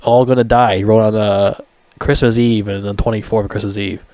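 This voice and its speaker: A man's voice: lowish voice, flat delivery, a little fast, darkish tone, no room sound. A man recapping a film's plot in a loose, rambling way, swearing often and mocking the hero with many fillers. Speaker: movie reviewer.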